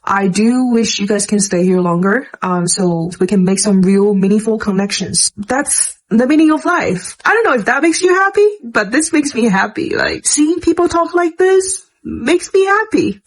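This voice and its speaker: A woman's voice: medium pitch, rough recording. Earnest young woman. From China. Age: young adult. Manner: earnest and warm, with lively quoted voices. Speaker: social media commentator. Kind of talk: casual direct-to-camera chat.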